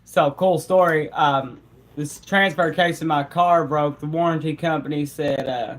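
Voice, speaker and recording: A live streamer talks to the chat in an easy, laid-back way, full of slang and quick laughs. The voice sits at a middle pitch and stays relaxed and chatty.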